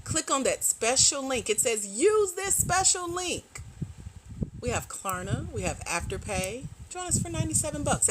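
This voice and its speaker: A woman hosting a casual livestream as a grant coach, animated and slangy, teasing her viewers and laughing often. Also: high voice, normal speed, noisy background.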